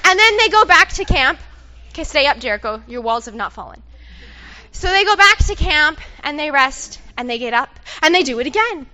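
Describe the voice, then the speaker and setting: High, bright-voiced woman preacher. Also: normal speed, highs cut off. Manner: animated, playful, directs the audience and makes trumpet sounds. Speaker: preacher leading an interactive Bible story. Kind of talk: lively sermon with audience participation.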